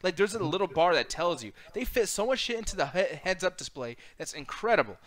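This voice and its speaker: Excitable, bright-voiced man swearing freely. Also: high voice, a little fast. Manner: excitable, profane, rambling. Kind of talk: casual chat about video games.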